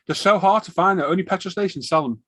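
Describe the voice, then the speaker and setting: A man tells lively anecdotes on a live stream, bouncing between voices as he acts out scenes at a petrol station counter. his voice sits a little high for a man, and the sound is dry and close, with no room echo. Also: fast. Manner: animated storyteller acting out shop exchanges. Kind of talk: casual chat.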